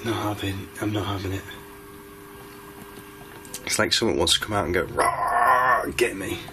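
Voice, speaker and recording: A man's voice: low voice, fairly even intonation, normal speed. Uneasy guy on a ghost hunt begging a spirit to make a noise, hissy recording. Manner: uneasy, then pleading with a spirit. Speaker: paranormal investigator. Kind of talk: ghost-hunting calls to spirits. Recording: noisy location recording.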